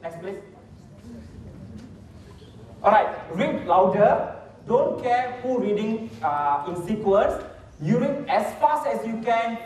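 A man's voice: high-pitched, darkish tone, a little hiss or hum. A man with a Malaysian English accent, teaching a workshop from slides and asking the audience for agreement. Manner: instructive, asks the audience for agreement. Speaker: workshop trainer. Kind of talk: lecture with slides. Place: lecture hall. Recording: echoey hall, distant mic.

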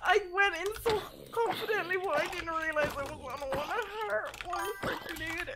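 A woman chatting playfully during a video game, teasing her partner and sometimes shouting. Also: extremely high pitch, normal speed, loud music behind the voice. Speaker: gaming stream guest. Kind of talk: casual gaming chat.

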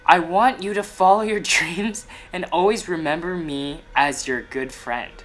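A man quietly reading the text messages of a young man who is texting a girl he likes. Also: a little high, unhurried, faint music behind, rough recording. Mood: reassuring.

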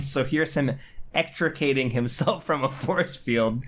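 A man's voice: mid-range voice, unhurried, fairly bright tone. A man hosting a casual comic podcast, joking, swearing freely and laughing often. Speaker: podcast host. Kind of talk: casual chat.

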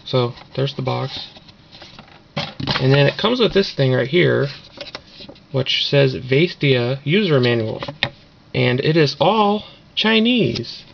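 A man talks through an unboxing in a loose, rambling way, full of fillers. His voice has a gravelly edge. The sound is dull and lo-fi, with clear noise from the camera mic. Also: medium pitch, lively intonation, takes it slowly, long pauses. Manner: rambling, offhand, filler-heavy. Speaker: vlogger doing an unboxing. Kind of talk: casual unboxing commentary.

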